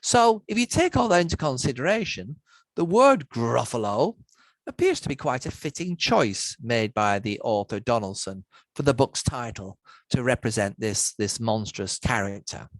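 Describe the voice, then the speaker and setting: A man giving an academic lecture to university students online, measured and methodical, setting out word lists one item at a time. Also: medium pitch, very animated, no room sound, rough recording.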